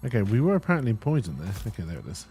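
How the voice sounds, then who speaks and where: A man's voice: lowish voice, wildly swooping pitch, very fast, warm tone, faint music behind. Man mumbling through gameplay. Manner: mumbling, thinking aloud. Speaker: streamer. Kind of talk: casual gameplay commentary.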